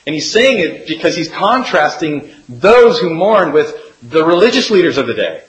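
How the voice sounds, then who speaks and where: A man preaching a sermon as pastor, speaking earnestly and swinging between emphatic rises and hushed, drawn-out drops. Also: on the high side, very animated. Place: church sanctuary. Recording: echoey room with faint hiss.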